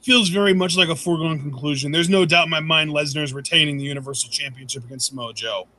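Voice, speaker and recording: A man's voice: fairly high pitch, fast, bright, forceful tone. A man co-hosting a casual wrestling talk show, blunt, confident and teasing. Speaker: co-host. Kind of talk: casual podcast chat.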